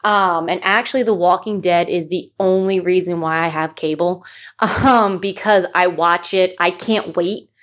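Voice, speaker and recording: A woman's voice: on the low side, steady tone, a little slow, a bit bright. A young woman hosting a solo podcast, chatting casually and gushing, with lots of fillers and asides. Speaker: podcast host.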